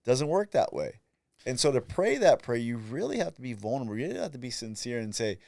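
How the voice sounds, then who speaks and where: A man's voice: medium pitch, very animated, fast talker, vocal fry, mellow, dry recording, clean studio sound. A man hosting a faith podcast, telling reflective stories about prayer and quoting his own conversations. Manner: reflective, storytelling, quotes himself and friends. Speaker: podcast host.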